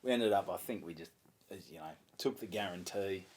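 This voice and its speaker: An Australian comedian telling a lively story on a podcast, swearing and acting out other people's voices. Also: male voice, deep voice, brisk, slightly rough. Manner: animated, swearing, acts out voices. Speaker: comedian guest.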